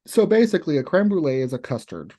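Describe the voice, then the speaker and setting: A man's voice: fairly high pitch, big pitch swings, fast talker, mellow. A young man from Kentucky co-hosting a podcast, rambling casually about cooking with lots of fillers. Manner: rambling, filler-heavy storytelling. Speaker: podcast co-host and chef. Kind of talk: casual chat.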